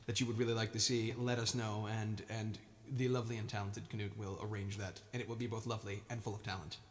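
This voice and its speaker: A man's voice: lowish voice, flat delivery, fast talker, in a large hall, a little hiss or hum. A man musician chatting casually on his live stream, playful and rambling, tripping over his words.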